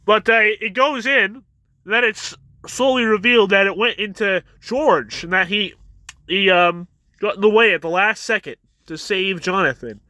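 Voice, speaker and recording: A man with a high, pushed, bright voice casually recaps and reviews a manga chapter on a dry recording. He rambles somewhat, retelling scenes and slipping into quick quoted voices for the characters.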